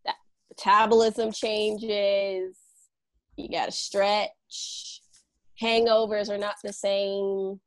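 A woman hosting a casual chat, relaxed, asking questions and playing along with the jokes. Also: medium pitch, slow, no room sound.

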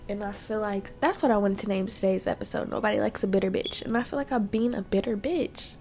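A woman's voice: medium pitch, quick pace, darkish tone. A young woman hosting a podcast, venting bluntly through tears and sniffles in a casual monologue, swearing freely. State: tearful, sniffling. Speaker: podcast host.

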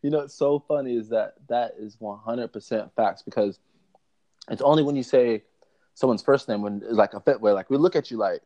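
A man's voice: mid-range voice, a little fast. A young man from Florida with a mixed American and British accent, a podcast guest chatting casually and laughing often. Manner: laughing, animated storytelling. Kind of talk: casual chat. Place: living in London.

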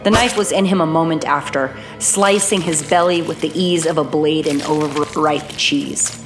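A woman narrating a horror audiobook in a measured, even reading voice. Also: sits low, over music.

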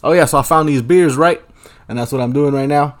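A man's voice: a little high, a little fast. A young man hosting a solo podcast, rambling casually and swearing a lot in a laid-back way. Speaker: podcast host. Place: Los Angeles, at home.

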